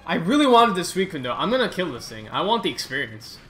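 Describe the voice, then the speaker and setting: A man giving casual, rambling gameplay commentary as host of his gaming channel, excitable and quick to groan and swear at the game. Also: a little high, soft background music.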